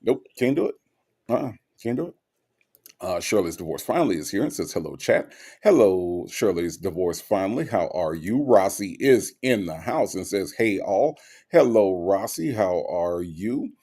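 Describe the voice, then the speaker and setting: A man's voice: low-pitched, very animated, moderate pace, mellow, slightly rough. A man hosting a casual livestream talk show, reading out viewer comments and repeating phrases for effect.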